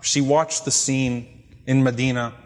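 A man's voice: mid-range voice, little pitch movement, measured pace. A man giving a storytelling sermon, quoting Arabic phrases and then explaining them in English. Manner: retells hadith, quoting Arabic then translating. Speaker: Islamic lecturer. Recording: long hall reverb.

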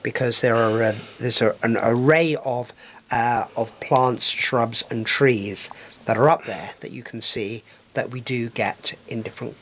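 Halting, rambling man co-hosting a radio chat. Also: mid-range voice, steady tone, fairly bright tone, a little hiss or hum. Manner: halting, rambling with many restarts. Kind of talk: casual radio discussion.

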